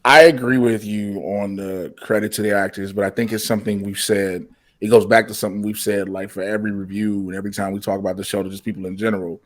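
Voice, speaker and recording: A man co-hosting a casual TV review show, talking in an animated, slangy way and often laughing. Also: fairly low pitch, quick pace.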